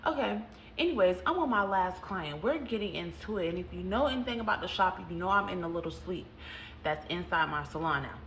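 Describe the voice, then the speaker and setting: A woman hairstylist tells a story to camera in a lively, talkative way, calling her viewers y'all. Her voice is bright and forceful. The recording has a noticeable roomy echo. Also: on the low side, fairly quick, a little hiss or hum. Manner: animated, chatty storytelling that addresses viewers as y'all. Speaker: salon owner and hairstylist. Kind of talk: casual storytime vlog.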